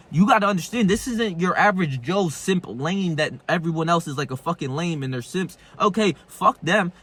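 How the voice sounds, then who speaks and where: A young man telling a story in a casual monologue, slangy and animated, filling his talk with "like" and "right?" and acting out quoted lines with jumps in pitch.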